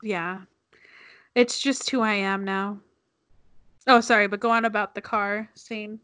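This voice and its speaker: A woman's voice: medium pitch, steady tone, unhurried, bright, forceful tone, smooth. A young woman co-hosting a podcast in casual chat, rambling with restarts and laughing often. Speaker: podcast co-host.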